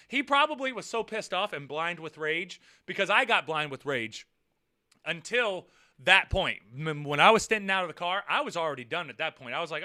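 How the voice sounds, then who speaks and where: High, bright-voiced man telling a profane story. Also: normal speed. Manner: profane, animated, swings from mutters to near-shouting. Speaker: vlogger. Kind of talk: casual storytelling vlog.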